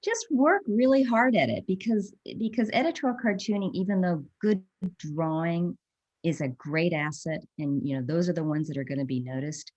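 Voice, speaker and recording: Low-voiced animated woman cartoonist. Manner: animated, laughs easily. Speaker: editorial cartoonist. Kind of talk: panel discussion.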